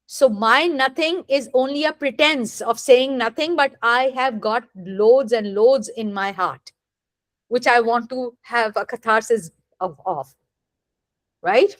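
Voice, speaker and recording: A woman's voice: on the high side, dry recording. A woman teacher, giving a classroom lecture and often asking the students whether they follow. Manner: deliberate, asks rhetorical questions to check understanding. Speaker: literature teacher.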